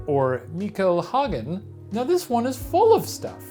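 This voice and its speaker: A man's voice: sits high, wildly swooping pitch, measured pace, mellow, faint music behind. A young man co-hosting a casual chat, dry and teasing, reading out listener comments. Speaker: co-host. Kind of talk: casual banter.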